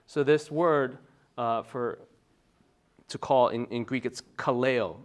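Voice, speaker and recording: A male pastor preaching a sermon in a conversational, emphatic style, checking in with the congregation with frequent asides and swinging between soft remarks and loud bursts. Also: medium pitch, takes it slowly.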